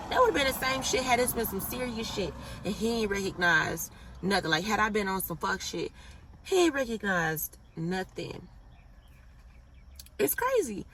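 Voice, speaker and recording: Bright-voiced young woman telling a blunt storytime. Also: medium pitch, distant mic, a little hiss or hum. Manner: animated, blunt and profane, laughs at her own story. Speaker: vlogger. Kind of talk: casual storytime.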